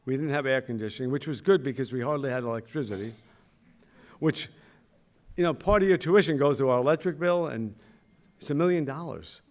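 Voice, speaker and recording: Older male speaker, storytelling ceremony address, self-deprecating, mid-pitched voice. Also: brisk. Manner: storytelling, self-mocking, acts out quoted voices. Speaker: school founder giving a speech. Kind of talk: anecdotal ceremony speech.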